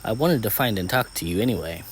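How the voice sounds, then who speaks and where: A friendly, easygoing popular teenage boy, read by a man. He speaks kindly, a touch higher than a deep reading voice. He is a figure in a told storybook. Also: expressive, quick pace, a little hiss or hum, close to an everyday voice.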